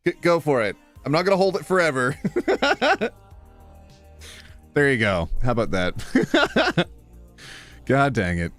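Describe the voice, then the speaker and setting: Man, casual live-stream chat, lively swooping voice, playful and laughing, faint background music. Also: fairly high pitch, measured pace, pauses often. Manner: playful, reads donations aloud, laughs often.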